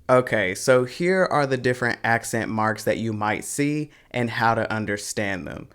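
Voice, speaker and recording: A man's voice: mid-range voice, a bit bright. A man teaching a pronunciation lesson in a scripted video, with a casual slangy manner. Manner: casual slangy, slow and deliberate. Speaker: Spanish teacher.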